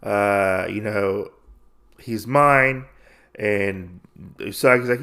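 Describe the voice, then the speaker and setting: A man's voice: fairly low pitch, animated, takes it slowly, pushed and bright. A podcast host recapping a comic story in a casual, rambling way, full of fillers, loosely voicing the characters as he goes. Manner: rambling, filler-heavy retelling.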